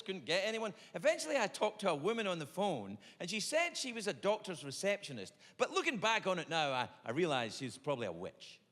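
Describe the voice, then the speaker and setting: A Scottish man doing stand-up storytelling in an animated, confessional, exaggerated way. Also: high voice. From Scotland. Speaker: stand-up comedian. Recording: long hall reverb, faint ambience.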